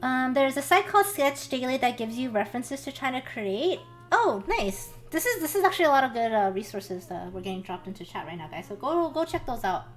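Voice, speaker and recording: A young woman co-hosting a casual art study stream, chatty, full of ums and quick laughs. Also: high voice, big pitch swings.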